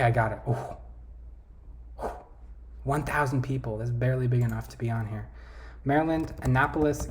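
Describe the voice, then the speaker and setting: Vlogger, casual thinking-aloud chatter, mid pitch, light hiss underneath. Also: a little mellow. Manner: thinking aloud, trailing off, self-correcting. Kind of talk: casual talk over a map quiz game.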